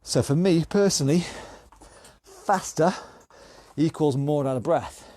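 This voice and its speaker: A man's voice: on the high side, measured pace, dark tone, dry recording. A man leading an online workout class as fitness instructor, counting down and calling out moves while exercising along. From United Kingdom. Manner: counts down and cues exercises while working out himself.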